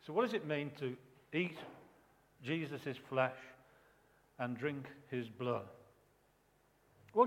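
A man's voice: a little high, long reverb tail. A man preaching a sermon emphatically, repeating key phrases and asking rhetorical questions.

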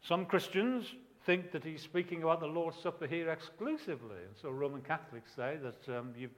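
A man's voice: a little high, brisk. Emphatic male preacher, echoing church hall. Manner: emphatic, repeats key phrases, asks rhetorical questions. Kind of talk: sermon.

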